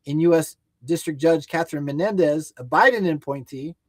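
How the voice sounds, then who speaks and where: A man co-hosting a livestream news show, ranting angrily and swearing, rising to shouts at times. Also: a little high, brisk, no echo. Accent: American. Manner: angry, profane, shouting at times. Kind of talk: heated ranting livestream commentary.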